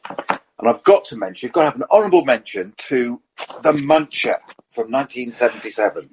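A man telling lively anecdotes in a relaxed podcast chat, acting out the quotes in his stories. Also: mid-range voice, brisk, slight background noise, low-quality recording. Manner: animated storyteller, acts out quotes.

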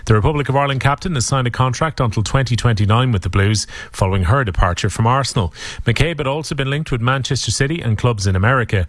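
A man briskly reads the radio sports bulletin. His voice is mid-pitched, and the studio recording is dry and close. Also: dry recording. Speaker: sports newsreader.

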